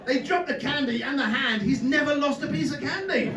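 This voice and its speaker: Stand-up comic in a roomy club. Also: male voice, very high-pitched, a little fast, noisy background. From England. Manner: crowd work, swears freely. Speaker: stand-up comedian. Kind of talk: stand-up comedy set. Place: comedy club stage with audience. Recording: distant roomy live club recording.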